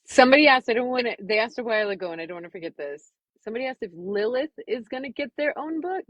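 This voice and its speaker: Animated woman from New York hosting. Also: a little high, fast, dry recording, dull audio. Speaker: live-stream host. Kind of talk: casual live-stream chat.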